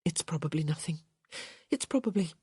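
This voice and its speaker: A woman voicing a young woman treasure hunter who swings from hushed pleading to shrieking joy. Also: low-pitched, lively intonation, brisk, slightly rough, dry recording, studio quality, exaggerated voice. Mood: nervous.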